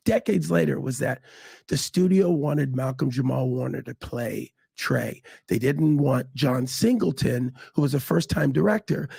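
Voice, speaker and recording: A middle-aged man telling stories in a casual interview, animated and acting out quotes. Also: vocal fry, slightly rough, no room sound. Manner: animated, acts out quotes with big pitch jumps. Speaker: guest.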